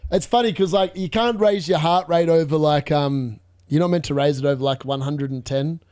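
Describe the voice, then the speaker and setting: High-voiced, excitable young man streaming live. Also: normal speed, clean tone, no room sound, studio quality. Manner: excitable, chatty, reacting to live scores. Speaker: fantasy football livestream host. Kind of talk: live watchalong commentary.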